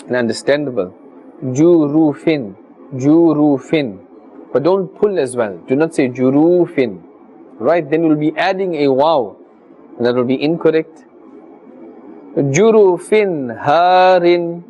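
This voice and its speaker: A man teaching Quran reading pronunciation, patiently explaining rules and slowly repeating words as models for his students. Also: fairly high pitch, darkish tone, a little hiss or hum, poor audio. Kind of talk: religious recitation lesson.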